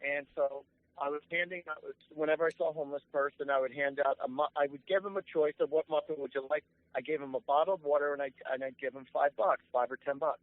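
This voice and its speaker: A man, a guest medium telling a casual story in an earnest, halting way, with many restarts. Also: a little high, steady tone, dry recording. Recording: tinny phone line.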